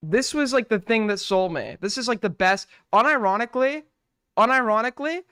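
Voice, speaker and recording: Young man host, high voice, smooth and crisp, dry close sound, jokey swearing banter. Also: lively intonation, brisk, no room sound. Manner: loud, jokey, profane banter. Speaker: streamer host. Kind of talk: casual reaction commentary.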